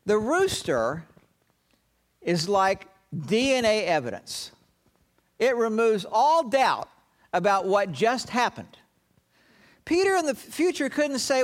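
Male preacher, sermon, dramatic storytelling, high voice, very animated pitch. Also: a little slow. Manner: dramatic storytelling, acts out quoted lines.

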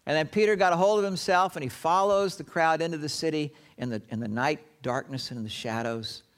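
A man preaching a sermon, retelling a story with dramatic pauses and acting out the quoted lines. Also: a little high, a bit bright.

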